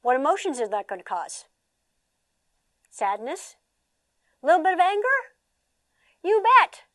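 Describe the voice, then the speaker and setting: An older woman, a trainer and former therapist, lecturing a seated audience at a workshop in an animated, conversational way, often asking the room rhetorical questions. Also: sits high, no room sound.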